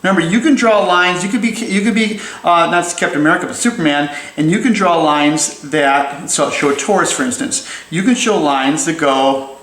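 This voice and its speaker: A man with a slightly high voice talks through a drawing lesson in a playful, chatty way, tossing in jokey asides as he sketches. His voice rings in an echoey room. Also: normal speed, a bit bright. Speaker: drawing teacher.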